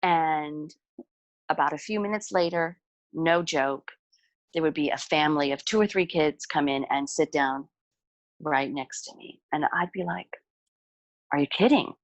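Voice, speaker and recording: A woman guest on a podcast, telling stories in a relaxed, amused way with frequent fillers. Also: low voice, a little slow, dry recording. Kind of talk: casual storytelling conversation.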